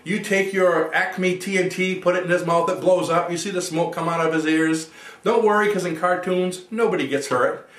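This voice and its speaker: A man gives an instructional self-help talk and guides his listeners through each step of an exercise. His voice sits fairly high. He is recorded from a distance in a room with noticeable echo. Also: steady tone, moderate pace, a bit bright. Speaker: NLP coach.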